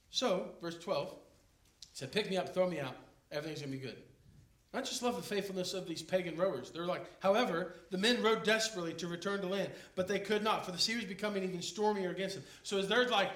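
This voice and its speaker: A man preaching an expository sermon in a conversational, animated way, acting out the people in the story. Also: high voice, a little fast. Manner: animated, conversational, acts out biblical characters. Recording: echoey room, mic at a distance.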